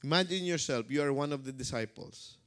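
A male pastor preaching a sermon, dramatic, swinging between loud calls and hushed words. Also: mid-range voice, fairly quick, clear, resonant tone.

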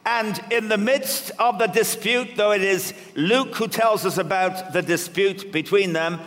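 Animated, humorous man preaching. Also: sits high, a little slow. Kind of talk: sermon. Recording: reverberant hall.

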